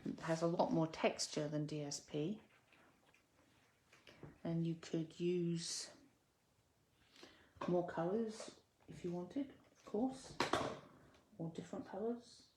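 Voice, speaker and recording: A woman's voice: lowish voice, fairly even intonation, slow, pauses often, dark tone, roomy sound, slight background noise. A woman demonstrating card making in a chatty, self-correcting way, sometimes dropping to a near-whisper while she concentrates. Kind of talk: casual crafting tutorial.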